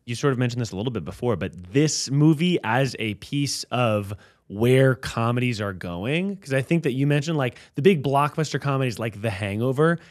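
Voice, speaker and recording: Guy on a movie podcast, medium voice, thinks out loud and hedges. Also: mid-range voice, expressive, moderate pace. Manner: thoughtful, hedging, asks questions. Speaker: podcast co-host. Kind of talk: casual chat.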